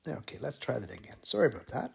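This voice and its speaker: A man teaching melody writing in a slow, musing, think-aloud way, humming phrases as he explains. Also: medium pitch, very animated, vocal fry, husky, soft background music. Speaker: music teacher. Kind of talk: thinking-aloud composition tutorial.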